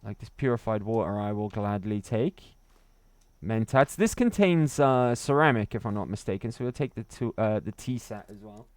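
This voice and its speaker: A man's voice: lowish voice, lively intonation, normal speed, dry recording. A man from Wales, chatting and laughing through a gaming livestream while reading his chat. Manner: chatty, laughs often, reads chat aloud. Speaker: streamer.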